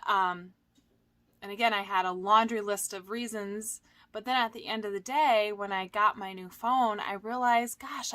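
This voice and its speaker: A woman coach giving casual advice, chatty and animated, with lots of fillers and playful "blah, blah" asides. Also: mid-range voice. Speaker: holistic coach.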